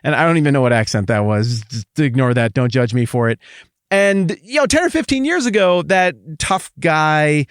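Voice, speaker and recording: A middle-aged man hosting a podcast, talking in an animated, conversational way with rambling asides. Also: a little high, moderate pace, clear, resonant tone, no echo, clean studio sound. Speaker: podcast host. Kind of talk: casual monologue.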